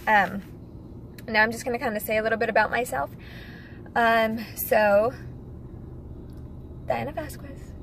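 A woman's voice: a little high, steady tone, normal speed, pauses often, a bit bright, a little hiss or hum, low-quality recording. A young woman with no accent, a model chatting casually to her viewers, giggly and direct. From United States. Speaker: model and vlogger. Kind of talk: casual chat to camera.

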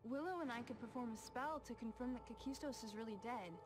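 A woman voicing a shy young witch in a video game who stammers as she speaks. Her voice sits fairly high, with loud game music behind her. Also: fast, close to an everyday voice. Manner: hesitant, stammering.

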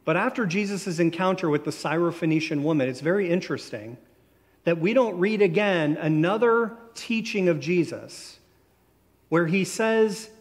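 Pastor preaching in a reverberant church. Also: male voice, sits high, expressive. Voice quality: conversational, warm storytelling delivery with slow emphatic phrases. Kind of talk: sermon. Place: church sanctuary.

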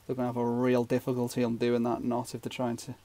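A man's voice: mid-range voice, monotone, fast talker, warm tone. A man giving a casual, rambling fishing knot tutorial with jokey asides. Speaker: fishing channel host.

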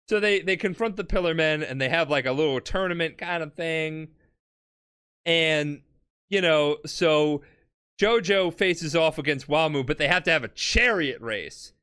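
Drunk, animated podcast host. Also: mid-range voice, unhurried. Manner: animated, laughing, swearing, acting out characters. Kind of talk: drunk comedic storytelling.

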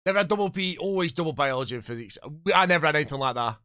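A man in his thirties playing a football management game, chatting with viewers and reacting loudly to the match. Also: a little high, animated, rapid-fire, clear, resonant tone, dry recording, studio quality. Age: 30s. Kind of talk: live gameplay commentary and chat.

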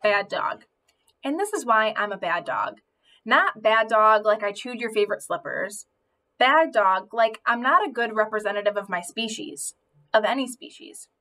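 Bright-voiced woman reading a story. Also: a little high, moderate pace. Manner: expressive first-person storytelling. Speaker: audiobook reader. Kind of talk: reading a children's novel aloud.

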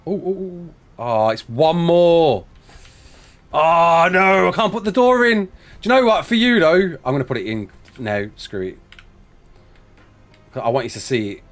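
A man's voice: on the high side, animated, measured pace, long pauses. A young man, from England, streaming a game live, chatting, joking and laughing while reading chat aloud.

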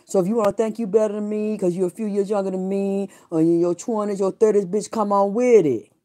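A woman's voice: medium pitch, fairly even intonation, a little fast, mellow. A middle-aged woman ranting on a livestream, defiant and profane, hammering her points home with repeated emphatic declarations. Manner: defiant, swearing, preaching.

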